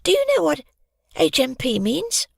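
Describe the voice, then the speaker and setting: A narrator voicing a sleepy, curious young girl in a children's audiobook, sometimes dropping to a breathy whisper. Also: high-pitched, very animated, normal speed, no room sound, clean studio sound, voice pushed up, full character voice. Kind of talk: audiobook character voice.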